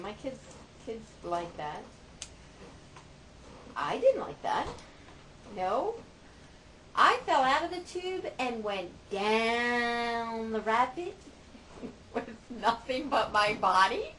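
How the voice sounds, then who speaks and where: A woman's voice: on the high side, big pitch swings, slow, pauses often, pushed and bright, rough recording. A middle-aged woman, a mother, casually telling family stories in a chatty, playful, self-mocking way. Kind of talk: casual storytelling monologue. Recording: amateur recording with audible background noise.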